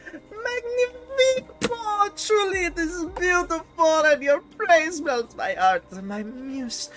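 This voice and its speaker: A man's voice: extremely high pitch, pitched above the performer's own voice, heavily acted. A man voicing a flamboyant, vain French diva woman artist with a put-on French accent and haughty, theatrical speech. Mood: gushing. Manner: haughty, theatrical, mangled grammar.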